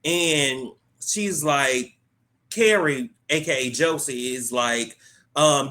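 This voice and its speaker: A man's voice: medium pitch, expressive, measured pace, pushed and bright. A man hosting his own channel, casually recapping a TV episode in a slangy, joking way as he retells the plot's dialogue.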